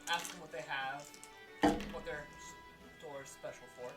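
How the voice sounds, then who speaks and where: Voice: medium pitch, steady tone, a little slow. A player in a tabletop game over voice chat, easygoing and a little hesitant. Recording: distant and echoey with loud music.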